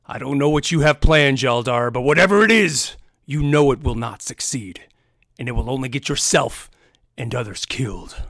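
Man voicing an urgent stern orc warrior, raised voice, gravelly, dry. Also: medium pitch, lively intonation, normal speed, a bit bright, no echo. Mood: warning.

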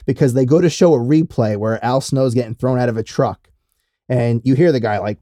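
A man's voice: medium pitch, normal speed, mellow, no echo, studio quality. A man co-hosting a wrestling podcast, chatting casually in a rambling, profane way and laughing easily. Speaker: podcast co-host. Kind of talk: casual chat.

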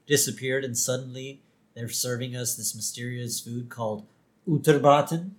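A man's voice: medium pitch, steady tone, moderate pace, natural voice. A man voicing a clever, anxious eight-year-old girl in an earnest, worried way. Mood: urgent.

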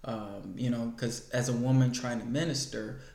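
A man with a gravelly, fry-edged voice recounts his life story as a guest, earnest and involved. His voice bounces around an echoey room. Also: medium pitch, steady tone, moderate pace, a little mellow. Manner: earnest storytelling, acts out past conversations. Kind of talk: personal testimony in conversation.

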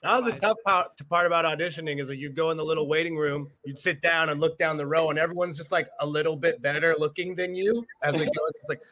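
A man's voice: on the high side, steady tone, fast, few pauses, sharp tone, no room sound. A male actor on a panel, joking about himself. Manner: self-mocking humor.

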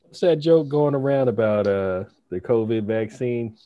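A man drops wisecracks into a casual podcast conversation with an animated, swooping delivery. His voice sits in a normal middle pitch, and he mostly speaks in short bursts between the others. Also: a little slow, muffled recording. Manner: wisecracking interjections. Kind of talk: casual chat.

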